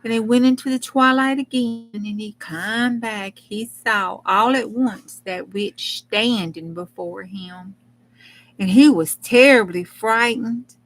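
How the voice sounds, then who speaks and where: Slow folksy woman reading aloud. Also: a little high, rough recording. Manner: folksy, drops into chatty asides and exclamations. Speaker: host of a crafting channel reading aloud. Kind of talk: storytelling read-aloud with casual asides.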